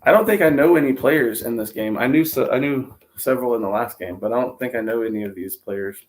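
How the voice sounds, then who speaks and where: A man's voice: medium pitch, fast talker, slight background noise. An American man hosting a livestream, chatting casually and rambling, with frequent laughs. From United States. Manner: easygoing, rambling, laughs often. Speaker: host.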